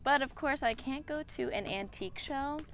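A woman's voice: sits high, lively intonation, moderate pace, a bit bright. A young woman chatting casually in a crafting vlog, bubbly and gushing, sometimes counting stitches under her breath. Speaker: crafting vlogger.

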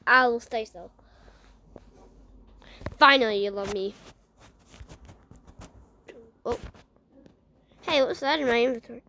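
A woman streams a game and chats with her viewers, excitable and talking to herself, often slipping into a whisper. Her voice is a little high and gravelly, and her speech is slow and drawn out. The recording has noticeable noise and clicking behind it. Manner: chatty, excitable, talks to herself while playing, often drops to a hushed whisper. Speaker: gaming vlogger. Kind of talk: playing a game while narrating to viewers.

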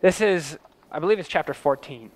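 A man's voice: a little high, lively intonation, fairly quick. A man telling a story in a vivid present-tense style, swelling and dropping his voice for drama.

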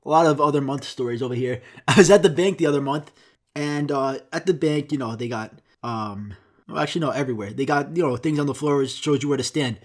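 A man's voice: mid-range voice, quick pace. A man hosting a podcast, telling a comic story in a rambling, profane way and acting out the quotes. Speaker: podcast host.

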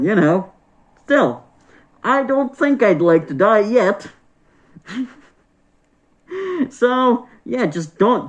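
A man vlogging a casual opinion rant, exasperated and profane, repeating himself as he talks. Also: sits high. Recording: dull lo-fi sound.

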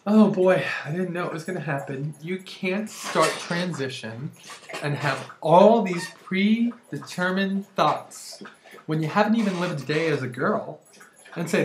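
A woman's voice: sits low, slight background noise. A woman in her forties talking energetically and chattily to camera at home, laughing often. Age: 40s. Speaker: vlogger. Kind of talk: casual vlog monologue. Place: room at home. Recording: roomy echo.

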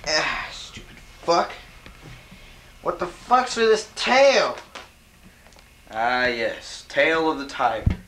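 A man doing an improvised comic rant, swearing constantly and breaking into sudden angry yells. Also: fairly high pitch, very animated, slow pace, pauses often, a little hiss or hum. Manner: profane, angry outbursts, sudden yelling. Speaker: comedic ranter. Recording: roomy home camcorder sound.

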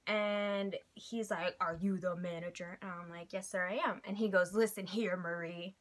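A young woman hosting a casual vlog, telling a long, animated story and acting out the people in it. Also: fairly low pitch, moderate pace. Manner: animated, chatty, quotes people in little voices. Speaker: vlog host.

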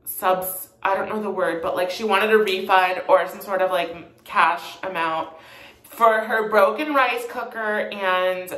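A woman's voice: medium pitch, unhurried, a bit bright. A young woman chatting through a storytime vlog with a sassy, gossipy tone and plenty of fillers. Her mid-range voice bounces around an echoey room. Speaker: vlogger.

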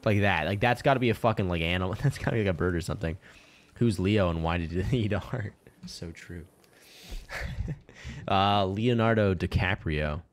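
A man with a very low voice keeps up a relaxed running commentary while he plays a video game. He swears freely and laughs easily, talking to himself and to his viewers as he goes. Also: normal speed, slight background noise. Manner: laid-back, swears constantly, chuckles between remarks. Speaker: game streamer. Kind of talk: casual let's-play commentary.

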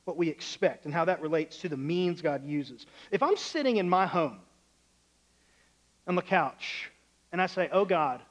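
A man's voice: fairly high pitch, animated, normal speed, highs cut off. A male pastor preaching a sermon in a church, loose and conversational, acting out the voices in his stories.

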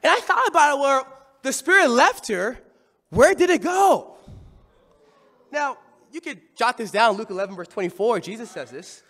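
A man preaching a sermon, telling the story in an animated, conversational way. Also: very high-pitched, normal speed, pauses often.

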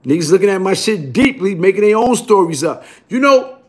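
A middle-aged man with a New York accent and a notably high voice, spinning a loose story straight to the camera. His talk is streetwise and profane, and he keeps checking in with the listener as he goes. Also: animated, brisk. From Brooklyn, New York. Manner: streetwise, profane, keeps asking "you heard?". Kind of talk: casual storytelling monologue.

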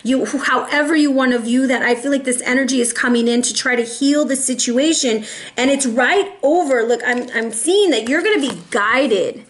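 Chatty higher-pitched woman reading tarot. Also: normal speed. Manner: chatty, animated, addresses viewers as y'all. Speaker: tarot reader. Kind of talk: casual tarot reading to camera.

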